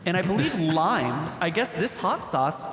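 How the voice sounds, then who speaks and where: A man's voice: high-pitched, sing-song, a little slow, a bit bright, a little hiss or hum. A man hosting a podcast, joking, swearing and laughing in casual chat. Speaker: podcast host. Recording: echoey room with long reverb.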